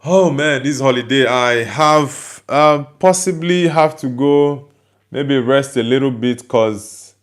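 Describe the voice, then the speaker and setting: A man's voice: mid-range voice, slow pace. A Nigerian man, a native Igbo speaker, hosting a casual livestream and chattily answering viewer comments he reads aloud. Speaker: host.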